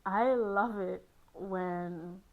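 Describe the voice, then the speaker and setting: Lively young woman talking about love. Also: mid-range voice, drawn-out words, lo-fi sound. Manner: animated, playful, laughs often. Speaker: host on a hot seat. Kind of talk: candid personal talk on love.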